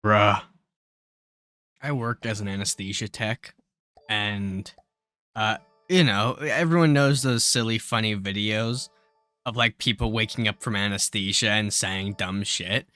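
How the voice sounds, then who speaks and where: Young dude rambling and cursing while he builds, lowish voice, dead dry mic, some music under it. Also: unhurried, pushed and bright, no room sound. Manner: swears freely, grumbles and exclaims at mistakes; rambling storytelling with filler words. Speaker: game-building YouTuber. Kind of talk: casual commentary while building.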